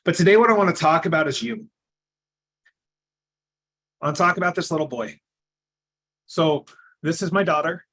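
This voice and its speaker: Earnest young guy giving a coaching talk, kinda high voice, gets loud then drops quiet. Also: moderate pace, pauses often. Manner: earnest, varies between loud emphasis and quiet asides. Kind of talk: personal storytelling talk.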